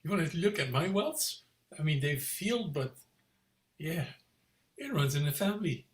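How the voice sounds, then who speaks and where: Animated man in an echoey room. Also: fairly high pitch, moderate pace. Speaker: improv performer. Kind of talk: improvised comedy scene.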